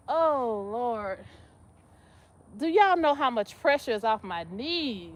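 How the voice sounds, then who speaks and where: A woman's voice: fairly high pitch, expressive, very slow, long pauses. Chatty woman in her fifties squatting live. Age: 50s. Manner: chatty, laughing, exclaiming to viewers. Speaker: livestream host. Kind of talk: casual live exercise chat.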